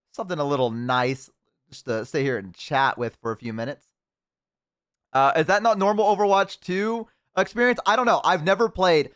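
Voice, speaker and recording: A man's voice: on the high side, fairly bright tone. A man streaming, chatting casually with his viewers while eating, rambling with lots of fillers and restarts. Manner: rambling, self-deprecating, many fillers and restarts.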